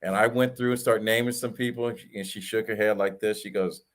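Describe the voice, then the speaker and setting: A man from Ohio is a guest on the show. He tells stories in a casual, animated way. He stammers now and then. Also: on the low side, fast talker. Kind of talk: storytelling in casual chat.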